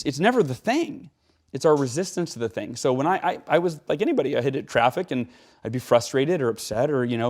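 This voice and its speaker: Animated man telling a story. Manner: animated, acts out quotes with rising pitch; frequent "right?" tags. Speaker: guest speaker. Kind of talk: conversational interview.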